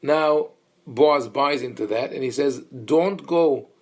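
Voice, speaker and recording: Guy teaching scripture class, thinking out loud, lots of uh's, keeps asking the room "right?". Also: mid-range voice, a little slow. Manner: thoughtful, explanatory, many fillers and restarts; engages listeners with questions. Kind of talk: Bible study lecture.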